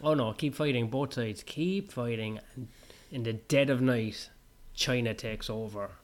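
A man's voice: mid-range voice, a little slow. A man co-hosting a casual podcast chat, dropping dry joking asides. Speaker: podcast co-host.

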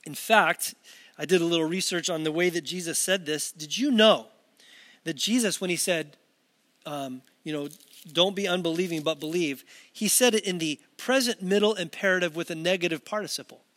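High-pitched guy preaching at a camera, chatty and earnest, lots of restarts. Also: normal speed, a bit bright. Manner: conversational and earnest, with frequent restarts and asides. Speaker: pastor. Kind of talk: sermon delivered to a camera.

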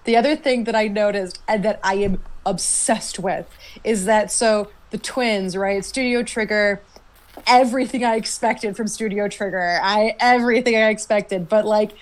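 A woman co-hosting a podcast in casual chat, excitable, laughing often and acting out quotes. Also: medium pitch, normal speed. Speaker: podcast co-host.

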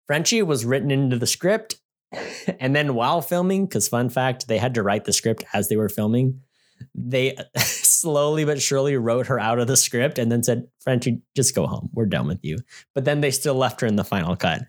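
A man co-hosting a podcast, reviewing a film in an animated, sarcastic rant that keeps asking his listener "all right?". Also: mid-range voice, moderate pace. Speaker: podcast co-host. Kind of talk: casual movie review rant.

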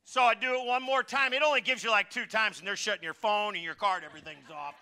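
A man preaching a sermon, telling a funny personal story with lively swings between loud bursts and quiet asides. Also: high voice, fast talker. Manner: animated, jokey, swings between shouting and muttering asides. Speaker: pastor.

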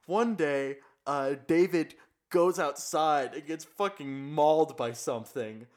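A young man recaps a horror tale for his podcast co-hosts, peppering it with curses and bursts of laughter. His voice sits a little high for a man. The talk is loose and slangy, recorded on a home podcast mic. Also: slow. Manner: profane, laughing, slangy storytelling. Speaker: podcast co-host. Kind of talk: casual retelling of a horror story. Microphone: podcast microphone, gain problems.

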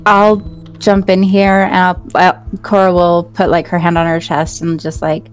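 A woman's voice: fairly low pitch, little pitch movement, normal speed, faint music behind. A woman playing a tabletop game, loosely describing her character's actions with lots of fillers. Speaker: player. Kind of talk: casual tabletop play.

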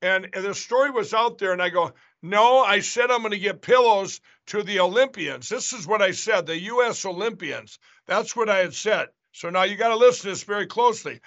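A man's voice: sits high, a little fast, few pauses, fairly bright tone. A man hosting a show, telling a long story in a casual, rambling way with many restarts and asides. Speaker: show host. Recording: dull lo-fi sound.

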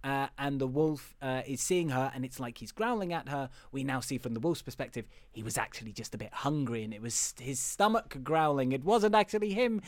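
A man's voice: medium pitch, animated, fairly quick, few pauses, no room sound. A man hosting a casual chat about a film, talking in a rambling, joking way with lots of fillers. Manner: rambling, with many fillers, swears and laughs. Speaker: podcast host.

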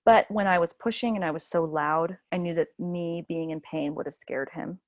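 Woman in her thirties telling a birth story with emotion, animated and quick to laugh; dry, close sound. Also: dry recording, highs cut off. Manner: animated, laughs often, acts out quotes in a high voice. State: emotional, near tears. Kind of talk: emotional storytelling in casual chat.

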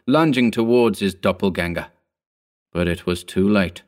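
A man reads his own story aloud in a measured, dryly wry manner. His voice sits on the lower side, steady through the long narrated passages. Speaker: narrator and author.

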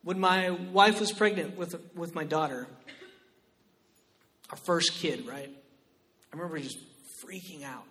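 A man preaching a sermon as pastor, shifting between loud, emphatic exhortation and quiet personal storytelling. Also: a little high, a little slow, pauses often.

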